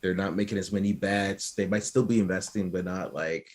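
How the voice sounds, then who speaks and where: A man with a very deep, husky voice talks on a casual podcast roundtable. He stays optimistic and keeps hedging with "like" and "right?". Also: fairly even intonation, brisk. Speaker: podcast co-host.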